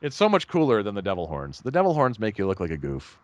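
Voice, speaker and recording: Rambling low-voiced man on a podcast. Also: fast talker, no room sound, lo-fi sound. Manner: rambling, animated, laughs at own jokes. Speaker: podcast co-host. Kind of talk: casual chat.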